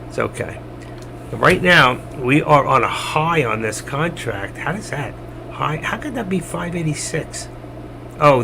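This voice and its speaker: Gravelly man rambling through live trades. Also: medium pitch, fairly bright tone, a little hiss or hum. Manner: chatty, rambling, addresses chat viewers directly. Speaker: trading live stream host. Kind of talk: casual live trading commentary.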